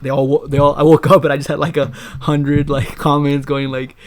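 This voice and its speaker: A man's voice: on the high side, little pitch movement, brisk. A young man co-hosting a casual podcast chat, telling rambling stories with lots of laughing and swearing. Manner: rambling storytelling, laughs often, swears a lot. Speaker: podcast co-host.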